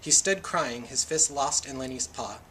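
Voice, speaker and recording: A man reading a novel aloud in a public library, with a steady, plain read-aloud delivery. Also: mid-range voice, moderate pace, a little hiss or hum, low-quality recording. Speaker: volunteer reader.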